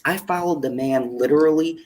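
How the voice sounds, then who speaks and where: A man's voice: fairly high pitch, brisk, darkish tone, slight background noise. A man co-hosting a casual live chat, ranting heatedly with frequent swearing and mocking asides. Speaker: podcast co-host.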